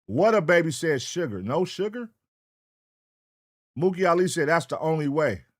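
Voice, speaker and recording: A streamer host chats loosely and profanely with his chat, reading out names in sing-song roll-call shout-outs while hip hop music plays loudly behind him. His voice is a little high, expressive, and moderately paced, with studio-quality sound and no echo.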